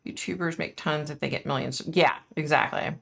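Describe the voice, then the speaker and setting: A woman's voice: low-pitched, moderate pace, gravelly, a bit bright. A middle-aged woman, a psychic medium, hosting a casual live stream and chatting frankly with her viewers, full of "like" and "you know".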